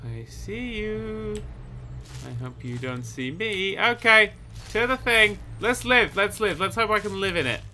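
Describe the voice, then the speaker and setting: A young man commentating his own game, jumpy and quick to yelp and swear when startled. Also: high voice, expressive, sharp tone, slight background noise. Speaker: gaming YouTuber. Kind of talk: let's play commentary.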